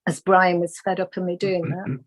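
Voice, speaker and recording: A woman's voice: lowish voice, level tone, normal speed. A woman, a guest on an interview show, earnestly telling a personal spiritual story and acting out the voices she quotes.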